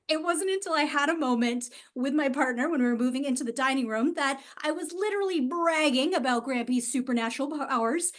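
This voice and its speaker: A woman giving a humorous storytelling speech, wry and self-mocking, with dramatic pauses and sighs. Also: high voice, a bit bright. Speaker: club speaker. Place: event hall.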